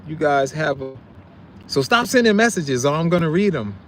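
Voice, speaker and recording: A middle-aged man with a fairly high voice chats loosely on a live stream, reading out viewer comments. He laughs often and drops into low mumbles. Faint street sounds hum behind him. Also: lively intonation, moderate pace.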